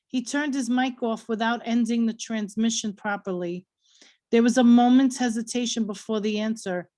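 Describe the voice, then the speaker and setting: A woman reading a novel aloud in a steady, earnest storytelling voice. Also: fairly high pitch, normal speed. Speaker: reader.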